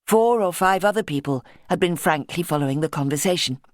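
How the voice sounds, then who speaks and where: A woman narrating a mystery audiobook in a measured, even storytelling manner, recorded close to the mic. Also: lowish voice, no echo. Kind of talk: scripted narration.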